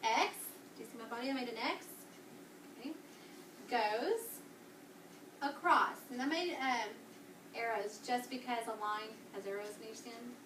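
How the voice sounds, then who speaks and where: A woman's voice: a little high, measured pace, long pauses, background noise. A woman teacher, coaching a classroom of children in an upbeat, coaxing way and repeating key words. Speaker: elementary school teacher. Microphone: far camera. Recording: echoey classroom from far off.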